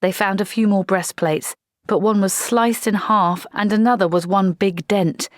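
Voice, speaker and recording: A woman narrates a comic fantasy audiobook, reading it in a steady, measured way. Her pitch is medium, and the studio recording is clean with no room sound.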